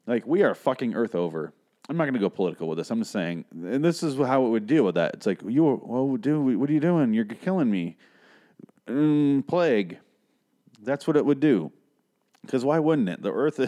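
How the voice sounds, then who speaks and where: A man's voice: fairly low pitch, a little mellow. A man casually recapping a TV episode, rambling with profane, sarcastic asides. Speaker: show recap host.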